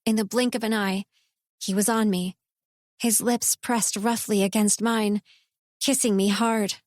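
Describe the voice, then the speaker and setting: A woman narrating a first-person romance audiobook in a measured, intimate reading. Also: fairly high pitch, dry recording, clean studio sound.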